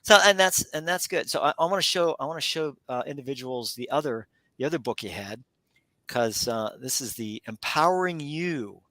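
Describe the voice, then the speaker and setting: A middle-aged man hosting a radio interview in a casual, animated way, often repeating words and acting out quotes. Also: medium pitch, moderate pace, no echo. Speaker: radio show host.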